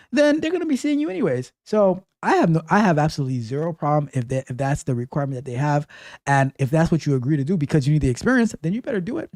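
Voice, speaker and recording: A male host gives casual advice on a call-in show. His pitch jumps up and down as he drives each point home with emphatic repeats. The sound is dry and close, with almost no room echo. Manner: animated, emphatic, repeats phrases.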